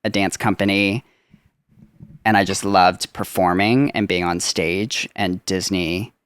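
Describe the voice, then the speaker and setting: A man's voice: sits low, steady tone, unhurried, fairly bright tone, clear, resonant tone, dry recording, clean studio sound. A young man, a guest on a podcast, chatting casually about his work as a theme park character performer, with many filler "like"s.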